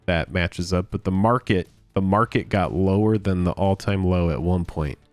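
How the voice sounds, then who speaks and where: A man co-hosting a casual chat about card prices, relaxed and wry. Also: deep voice, moderate pace, no echo, faint music behind. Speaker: co-host.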